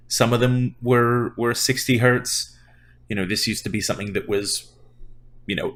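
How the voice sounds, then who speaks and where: A man's voice: lowish voice, fairly bright tone. A man hosting a casual podcast, explaining things at length with a lot of fillers. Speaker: podcast host.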